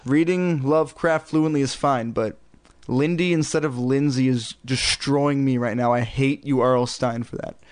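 A man's voice: medium pitch, steady tone, moderate pace, a little mellow, no echo. A man reading a children's horror novel aloud, breaking off for sarcastic, joking asides. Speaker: audiobook reader.

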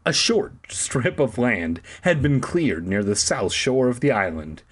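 Slow, sarcastic man reading aloud. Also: mid-range voice, husky. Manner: sarcastic, profane, deadpan. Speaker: audiobook reader. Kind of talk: comedic reading with crude asides.

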